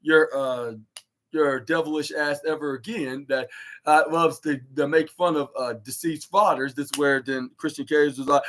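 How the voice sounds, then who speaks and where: A man's voice: fairly high pitch, steady tone, normal speed, fairly bright tone, low-quality recording. A man hosting a podcast, recapping a wrestling show in a rambling way with many fillers and restarts. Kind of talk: casual recap.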